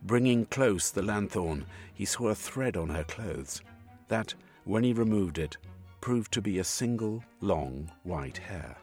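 A man reading scripted narration for an audiobook with expressive, varied intonation. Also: on the low side, a little slow, faint music behind.

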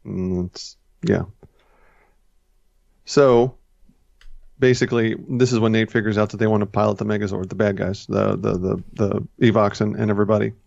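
A man with a low, gravelly voice talks casually, rambling and correcting himself while he retells scenes. The recording is dull and lo-fi, with a dry sound. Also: fairly even intonation, moderate pace, pauses often, darkish tone, dry recording. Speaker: podcast co-host. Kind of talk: casual chat.

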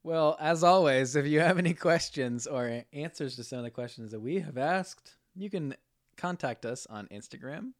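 A man's voice: a little high, animated, normal speed. A man co-hosting a casual podcast chat, laughing often and trailing off into fillers. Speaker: podcast co-host.

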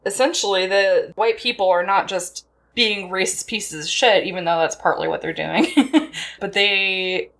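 A woman co-hosting a podcast, recapping a film in casual chat and acting out lines in quick voices. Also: medium pitch, creaky, fairly bright tone. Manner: chatty, laughs often, acts out quotes in voices.

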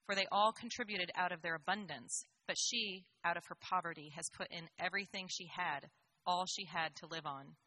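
A woman reading scripture aloud in a measured, clear way during a service. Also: on the low side, sharp tone. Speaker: scripture reader. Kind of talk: liturgical Bible reading.

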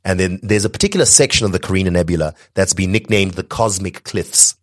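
A man co-hosting a casual podcast, talking with excitement and many restarts, from Zimbabwe. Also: deep voice, quick pace, no room sound, studio quality. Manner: enthusiastic, rambling with restarts. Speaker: podcast co-host.

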